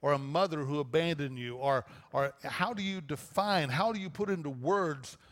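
Conversational preacher in a reverberant church. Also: male voice, fairly high pitch, moderate pace, a bit bright. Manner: conversational preaching with repeated restarts. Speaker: pastor. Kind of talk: sermon. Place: church auditorium. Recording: long reverb of a church auditorium.

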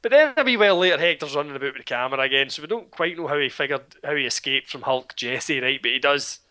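Scottish male podcaster with a crisp, bright voice; wry, profane storyteller. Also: medium pitch, quick pace. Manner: sardonic, swearing, animated storytelling. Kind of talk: casual film recap chat.

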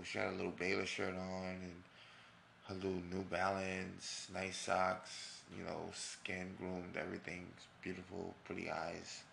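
A low, gravelly man with a New York accent rambles through a casual personal story, swearing and padding it with fillers. His tone is bright and forceful, and he sounds like he is in an echoey room with faint background ambience. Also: a little hiss or hum. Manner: rambling, loose and profane, heavy on fillers.

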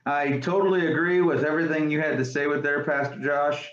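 A man's voice: fairly high pitch, fairly even intonation, a little fast, fairly bright tone. A man co-hosting a podcast sermon, speaking hesitantly with fillers. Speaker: co-host. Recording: dull, roomy sound from off-mic.

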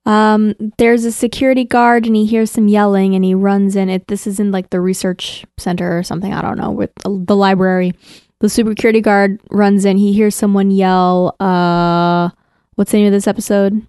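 A woman's voice: mid-range voice, little pitch movement, normal speed, warm tone, clear, resonant tone, no room sound, clean studio sound. A woman co-hosting a casual podcast chat, chatty and skeptical, laughing often. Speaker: podcast co-host.

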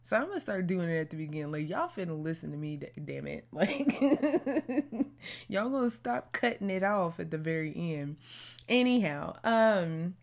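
A woman's voice: fairly low pitch, very animated, normal speed, vocal fry. A woman hosting her own podcast in a casual solo monologue, blunt, slangy and outspoken. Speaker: podcast host.

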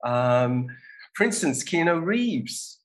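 A man's voice: fairly high pitch, very animated, slow pace. Rambling man reacting to a video. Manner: rambling, with many ums. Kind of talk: casual reaction chat.

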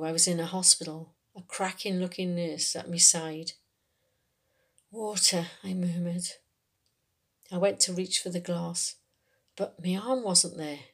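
A woman reading a first-person short story, telling it in an unhurried, conversational way in a working man's dialect. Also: lowish voice. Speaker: story reader.

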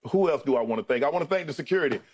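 A middle-aged man gives a heartfelt farewell on the air, naming colleagues one by one and holding back tears. His voice sits a little high for a man, and it stays emotional throughout. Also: animated, very fast, darkish tone, slightly rough. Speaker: co-host saying farewell.

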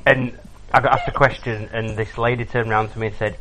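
A man's voice: on the low side, little pitch movement, a little fast. Male podcast co-host, amused anecdote teller, noisy background. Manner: amused, chuckles through anecdotes. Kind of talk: casual chat. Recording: clear background noise.

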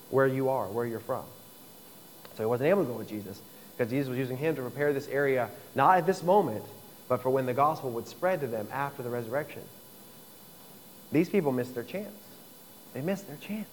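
A man's voice: a little high, big-room sound, rough recording. A man preaching a sermon, earnestly explaining scripture and acting out everyday conversations. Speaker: pastor.

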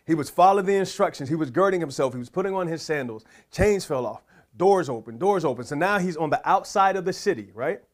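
A man's voice: on the high side, lively intonation, fast. A man preaching a sermon, fervent and prayerful, repeating his exhortations.

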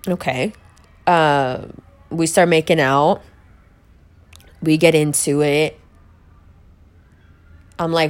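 A woman's voice: low voice, takes it slowly, long pauses. A woman candidly telling a personal story, chatty, with lots of "like" and acted-out quotes of herself. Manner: chatty, peppered with "like", quoting herself.

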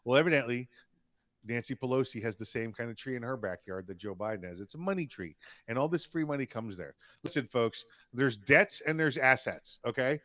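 A man's voice: mid-range voice, expressive, fairly quick, fairly bright tone, no echo, studio quality. A man co-hosting a podcast in casual political chat, telling jokes and stories with a chuckle and a lot of "yeah". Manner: storytelling, chuckling, repeats "yeah". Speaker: podcast co-host.

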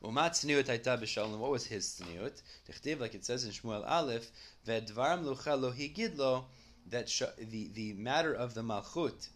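Man of ordinary pitch teaching Talmud; reads the text, then explains. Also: moderate pace. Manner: reads Aramaic lines then explains in English, lively. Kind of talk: Talmud study lesson.

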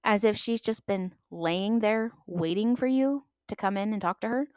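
A young adult woman hosting a podcast, telling stories in a chatty, animated way and acting out the voices of people she quotes. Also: medium pitch, normal speed, smooth, no echo, clean studio sound. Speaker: podcast host. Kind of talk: casual storytelling monologue.

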